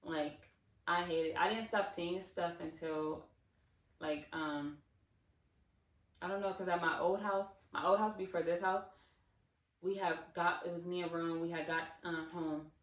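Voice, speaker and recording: A woman's voice: on the low side, fairly even intonation, unhurried, long pauses, echoey room, distant mic. A woman vlogger telling a casual storytime, rambling with many fillers and restarts.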